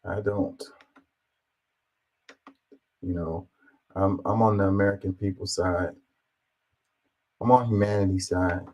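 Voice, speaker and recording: Slow laid-back man reacting to clips. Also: low-pitched, fairly even intonation, darkish tone, low-quality recording. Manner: laid-back, amused, frequent fillers. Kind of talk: casual reaction commentary.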